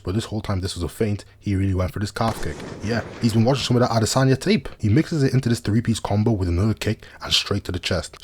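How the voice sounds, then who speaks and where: A man's voice: on the low side, a little mellow, breathy edge. A young man giving casual, slangy recap commentary over anime footage, with joking asides.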